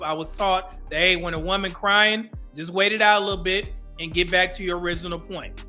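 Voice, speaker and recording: High, bright-voiced man giving commentary. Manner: earnest, conversational, addressing viewers directly. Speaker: commentary channel host. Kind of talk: reaction commentary.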